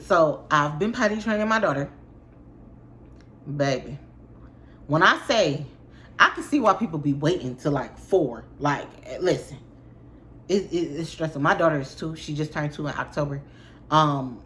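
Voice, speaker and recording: A young woman with a low-pitched voice talks to her viewers in a loose, slangy storytime vlog. She rambles and vents in a lively, expressive way. A faint hiss sits under the recording. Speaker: vlogger. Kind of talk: casual storytime chat to camera.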